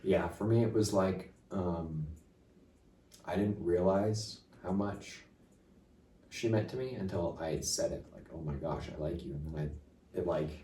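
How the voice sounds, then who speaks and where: A young man telling a story in casual chat, animated and full of filler words. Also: low voice, a little slow, long pauses, slight background noise. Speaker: guest. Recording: roomy, distant mic.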